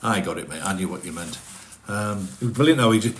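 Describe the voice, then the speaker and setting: Speaking fast in a low voice, a middle-aged man hosts a live stream and reads viewers' comments aloud. He rambles casually and chattily as he answers them.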